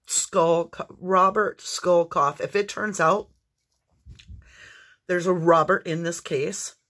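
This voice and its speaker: A woman in the middle of a tarot reading, talking straight to her viewers. Her voice sits low with a breathy, husky grain, and she speaks slowly and earnestly, full of exclamations. Coughing fits keep breaking into her talk. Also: fairly bright tone. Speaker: tarot reader. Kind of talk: intuitive tarot reading monologue.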